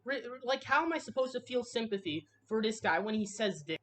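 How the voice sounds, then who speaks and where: A woman's voice: on the high side, animated, fairly quick. A woman delivering a harsh, heated commentary rant, swearing freely and restarting her sentences. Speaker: commentary video creator. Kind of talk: ranting commentary.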